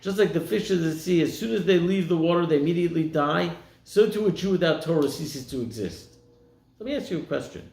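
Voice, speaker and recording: A rabbi from the United States, with a gravelly, darkish voice and a slightly fast delivery, tells stories in his sermon and plays the characters himself. Quoted people come out with a rising pitch, and the room echoes.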